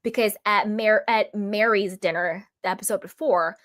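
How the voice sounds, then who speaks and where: A woman giving an emphatic, opinionated recap of a reality show episode in a casual vlog, full of quick asides. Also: mid-range voice, fairly even intonation, fairly bright tone. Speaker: reality TV reviewer.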